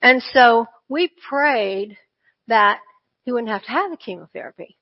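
A woman's voice: a little high, lively intonation, a little slow. A woman telling a personal faith testimony in an earnest, conversational way, full of asides. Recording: dull lo-fi recording.

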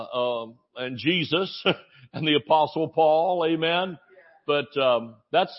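Folksy older male pastor preaching. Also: mid-range voice. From Georgia, USA. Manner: folksy storytelling with many fillers. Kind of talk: sermon. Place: church service. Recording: slightly dull recording.

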